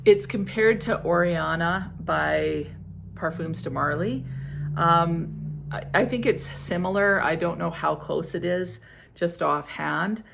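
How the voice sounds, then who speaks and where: Brief: middle-aged woman, relaxed review chatter, slightly low, gravelly fry, giggly and effusive. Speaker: fragrance reviewer. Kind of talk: casual product review.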